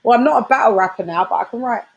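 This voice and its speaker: A woman's voice: on the high side, racing, vocal fry, lo-fi sound. Slangy British woman chatting to viewers. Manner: animated, slangy, trash-talking banter. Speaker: host; grime and dancehall artist. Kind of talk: casual livestream chat.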